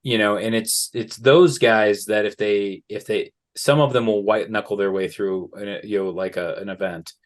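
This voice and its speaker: A man as an interview guest, relaxed and storytelling, often acting out the people he quotes. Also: lowish voice, normal speed, few pauses. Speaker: guest, men's work facilitator. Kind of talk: conversational interview.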